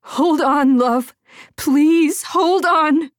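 Desperate mom voiced by a woman narrator, urgent and pleading, slow, dry. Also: mid-range voice, dark tone, husky, no room sound. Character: desperate young mother protecting her child.

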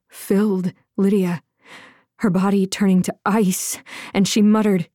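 A woman narrating a fantasy audiobook in a measured, dramatic reading. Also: medium pitch, flat delivery, mellow, no room sound, clean studio sound. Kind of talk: scripted narration.

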